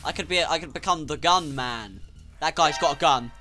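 A young man giving casual, sarcastic gameplay commentary, swearing and breaking into sudden loud outbursts. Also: on the high side, a little fast, faint music behind. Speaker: gaming YouTuber.

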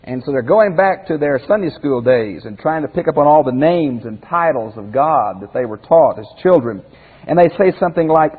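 A man's voice: fairly high pitch, animated, moderate pace, slightly rough, in a large hall, narrow, tinny audio. A man teaching a Bible commentary lesson as a pastor in a folksy way, asking his listeners rhetorical questions.

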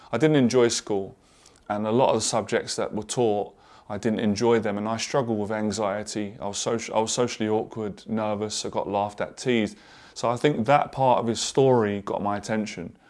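A confidence coach speaks to camera in a fairly low voice, open and earnest about his past. He often stops and restarts mid-thought, sounding unscripted and sincere. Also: a little mellow. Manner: earnest and candid, halting with frequent restarts. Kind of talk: personal story told to camera.

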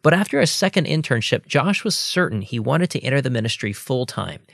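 A man reading scripted narration in a measured, steady way. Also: mid-range voice, gravelly, no echo, studio quality.

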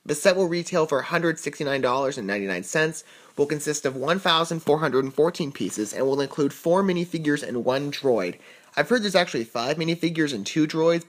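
A man narrating a scripted toy set review in an enthusiastic, upbeat way, with pitch that rises often.

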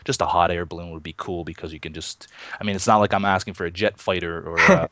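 A Minecraft YouTuber in his thirties guests on an interview show, chatting in a relaxed way with lots of fillers, restarts and little chuckles. He has a low voice and talks fast, with no room sound, over a dull, muffled lo-fi online call.

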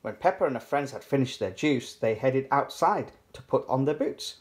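A man's voice: medium pitch, normal speed. A man reading a children's picture book aloud in a cheerful storytelling voice. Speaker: storybook reader.

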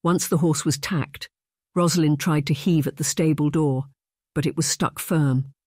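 An audiobook narrator reading a romance novel in a steady, measured storytelling manner. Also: mid-range voice, no echo, studio quality. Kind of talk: scripted narration.

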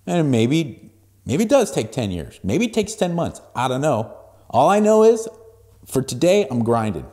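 A man in his forties hosting a solo podcast, giving motivational talk in an emphatic, blunt way that swings between hushed asides and loud pushes. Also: mid-range voice, big pitch swings, moderate pace. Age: 40s. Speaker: podcast host.

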